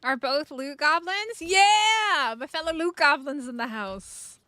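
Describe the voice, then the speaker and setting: A woman's voice: high-pitched, lively intonation, slow, bright, forceful tone, dry recording. A woman streaming a survival game, chatting playfully with her viewers and laughing often. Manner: playful, giggly, chats with viewers. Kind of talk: casual live-stream chat.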